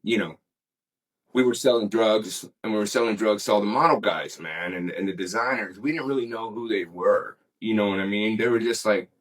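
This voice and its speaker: On a rough recording, a middle-aged man with a fairly low voice talks a little fast while telling a story as an interview guest. He rambles in a relaxed, casual way, swears freely and keeps saying "man."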